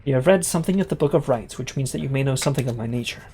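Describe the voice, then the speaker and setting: A man reading a game aloud, voicing a calm, courteous male minstrel in a soft, formal way. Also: medium pitch, very fast, breathy edge.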